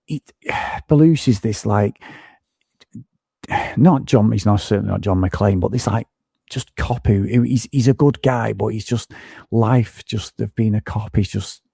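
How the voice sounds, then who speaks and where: Man, podcast co-host, gravelly voice, dark tone, dry sound, sweary, rambling. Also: lowish voice, measured pace, no echo. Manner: excitable, sweary, rambling with many restarts. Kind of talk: casual film review chat.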